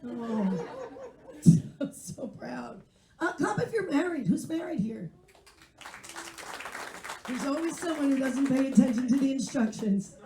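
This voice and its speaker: High, dark-toned woman doing stand-up. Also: animated, a little slow, pauses often, roomy sound, a little hiss or hum. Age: 40s. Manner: wry, self-mocking, chatty with the crowd. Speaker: stand-up comedian and English teacher. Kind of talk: stand-up comedy set. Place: live comedy venue.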